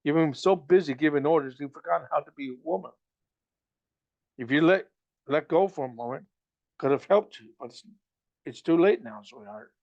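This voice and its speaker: A man doing a gruff cocky smuggler. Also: fairly high pitch, moderate pace, long pauses, a little mellow, dull audio. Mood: teasing. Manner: gruff, stern, teasing. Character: cocky roguish male smuggler, gruff and teasing.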